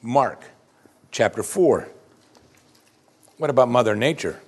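A man's voice: medium pitch, expressive, slow, husky. A male pastor giving an expository sermon full of rhetorical questions.

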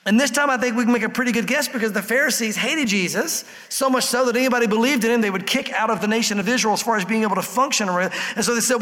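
A man's voice: very high voice, quick pace, hardly any pauses, fairly bright tone, big-room sound. A man preaching a sermon to a congregation in a church, in a conversational style that slips into acted-out quotes. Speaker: pastor. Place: church sanctuary.

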